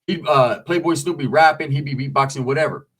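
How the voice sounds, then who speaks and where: A man's voice: a little high, a little fast, a bit bright. A man telling prison stories in a casual, rambling way, full of slang and swearing. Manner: loose street slang, swearing, rambling asides. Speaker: storyteller recounting prison life. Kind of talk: casual storytelling. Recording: voice a bit far from the mic.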